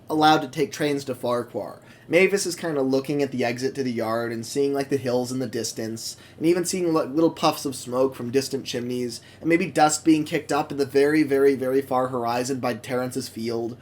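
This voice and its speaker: A man's voice: mid-range voice, moderate pace, few pauses. A man co-hosting a casual podcast, telling a story animatedly with many fillers. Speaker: podcast co-host.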